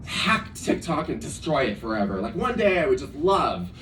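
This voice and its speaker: A man performs a campy, self-deprecating stand-up set in a club, chatting with plenty of asides in a medium-pitched, fairly bright voice that swings widely in pitch at a normal speed. The distant mic picks up an echoey room, audience noise and laughter.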